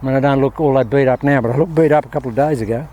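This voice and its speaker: Golf coach, Australian man, mid pitch, relaxed and upbeat, chatting outdoors on a windy range. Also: racing. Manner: chatty, upbeat, keeps calling viewers "guys". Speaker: golf instructor. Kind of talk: casual on-course golf instruction.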